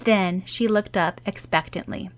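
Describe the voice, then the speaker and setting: A woman narrating a fan-fiction audiobook in an even, steady storytelling way. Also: mid-range voice, measured pace.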